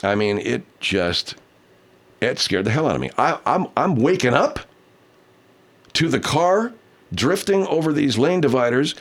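A man's voice: mid-range voice, big pitch swings, unhurried, pauses often. A man hosting a casual talk show, telling a rambling, profane story with many restarts. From Southern California. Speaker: show host.

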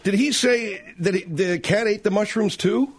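A man's voice: sits high, normal speed, slightly rough. A man hosting a radio talk show in a casual, brash, teasing, rambling way.

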